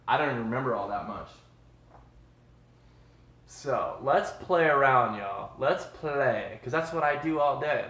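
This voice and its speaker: Chatty man, live-stream host, mid pitch, roomy kitchen echo. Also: fairly bright tone. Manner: upbeat, chatty, says "y'all" a lot. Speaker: livestream host. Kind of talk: casual live-stream chat. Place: home kitchen.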